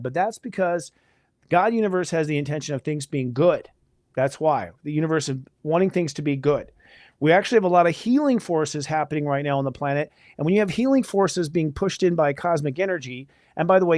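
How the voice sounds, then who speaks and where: Upbeat astrology host, higher-pitched man. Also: no echo, studio quality. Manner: chatty, energetic, spiritual enthusiasm. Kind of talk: casual live astrology talk.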